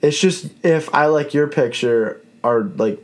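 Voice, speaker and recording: A man's voice: a little high, unhurried. A man hosting a casual podcast chat, rambling in a laid-back way and swearing now and then. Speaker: podcast host.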